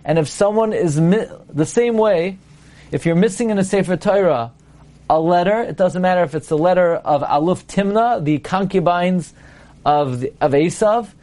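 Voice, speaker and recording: A man's voice: sits high, darkish tone. A man teaching a Torah lecture, emphatic, asking his listeners rhetorical questions and quoting Hebrew and Aramaic texts before translating them.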